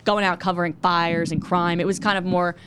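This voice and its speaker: A young woman in her twenties, a TV news reporter, telling her story quickly and animatedly as an interview guest. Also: on the low side, flat delivery, noisy background. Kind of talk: conversational interview.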